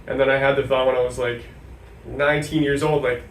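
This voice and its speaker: A man's voice: medium pitch, flat delivery, fast. A young man from New Hampshire, a guest talking casually in an interview and filling his sentences with "like". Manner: chatty, many "like" fillers. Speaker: guest, sports information director. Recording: echoey room, mic at a distance, faint noise.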